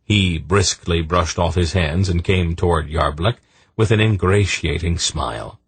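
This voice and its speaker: Deep, husky audiobook narrator. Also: male voice, no room sound. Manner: measured, expressive storytelling.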